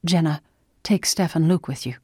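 A woman voicing a stern, weary father in an audiobook, speaking low and clipped. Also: normal speed, a little mellow, husky, no echo, studio quality. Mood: firm.

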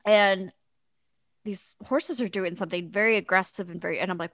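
A woman's voice: medium pitch, normal speed, dry recording, clean studio sound. A woman in her thirties from the Kansas City area, telling a story in casual chat with plenty of swearing. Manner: profane, animated storyteller.

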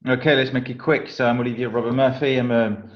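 A man's voice: mid-range voice, steady tone, fast. French-accented man with a dull sound. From south of France. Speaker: guest. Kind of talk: casual interview.

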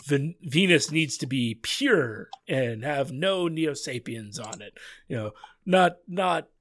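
Man, podcast co-host, casual recap chat, mid pitch, filler-heavy, chuckling. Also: a bit bright. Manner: rambling, chuckling, many fillers and restarts.

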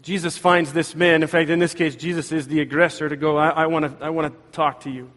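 Male pastor, earnest conversational sermon, slightly high voice, church echo. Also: level tone, quick pace, fairly bright tone. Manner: earnest, conversational preaching with restarts. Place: church sanctuary.

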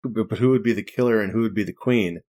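A man's voice: fairly low pitch, fast, warm tone. A man hosting a podcast, chatting casually and chuckling often. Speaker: podcast host. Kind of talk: casual chat.

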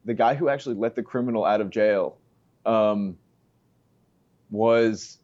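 A man with a fairly low voice talks politics in a loose, halting way, padding his sentences with fillers. The audio is dull and lo-fi, like a remote call. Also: a little mellow. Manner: halting, many fillers and "you know". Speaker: street interviewer guest. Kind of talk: casual political chat.

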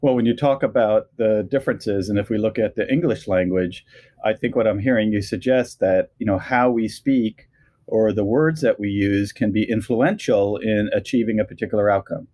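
A man hosting a podcast, asking his guest questions in a measured, reflective way. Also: on the low side, warm tone. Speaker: podcast host. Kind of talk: interview questions.

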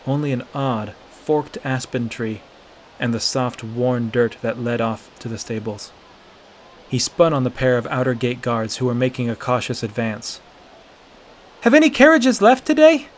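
A man reading a fantasy fan fiction chapter aloud with steady, expressive narration. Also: medium pitch, normal speed, slight background noise.

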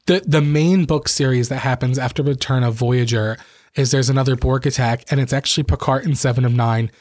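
A man's voice: medium pitch, steady tone, a little fast, darkish tone, no room sound. A man with a mid-range voice chatting enthusiastically as a podcast co-host. He drops into put-on voices to act out quotes, and his talk is recorded dry and close with no room sound. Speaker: podcast co-host, Star Trek expert. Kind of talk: casual podcast discussion.

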